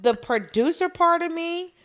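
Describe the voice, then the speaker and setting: A woman's voice: extremely high pitch, lively intonation, fairly bright tone. A young adult woman co-hosting a podcast, chiming in emphatically while recapping a TV drama. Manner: emphatic, quick interjections. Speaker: podcast co-host and producer. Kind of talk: casual chat recapping a TV drama.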